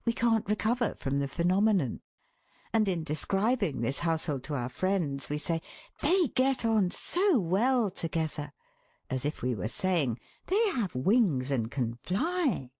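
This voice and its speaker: Low-voiced woman narrating with lively expression. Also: moderate pace, breathy edge, no echo, studio quality. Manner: expressive, shifts tone for quoted speech. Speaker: audiobook narrator. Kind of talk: scripted narration.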